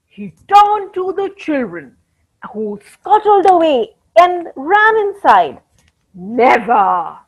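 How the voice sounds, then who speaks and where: A woman reading a story to children in an animated way, talking straight to her young listeners. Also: very high-pitched, slow. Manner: animated, addresses the children directly. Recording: dull lo-fi recording.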